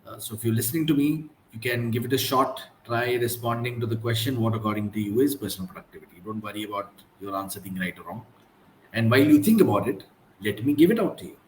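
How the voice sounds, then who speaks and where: A man with an Indian English accent hosting a casual live-stream talk, chatting loosely and slipping in quick Hindi asides. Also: mid-range voice. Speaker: host of a live productivity talk. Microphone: live stream from computer. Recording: roomy echo, faint background noise.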